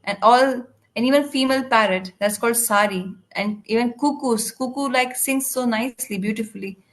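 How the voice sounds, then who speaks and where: Woman with a slightly high voice, live interpreter for a spiritual class, halting delivery with restarts. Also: a little hiss or hum, rough recording. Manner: halting, with frequent restarts and fillers. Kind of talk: live translation of a devotional lecture.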